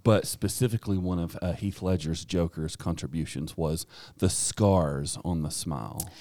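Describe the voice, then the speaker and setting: A man's voice: deep voice, normal speed, darkish tone, no room sound. A man with a rural American accent co-hosting a casual podcast chat, rambling with fillers and chuckles. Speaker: podcast co-host, teacher.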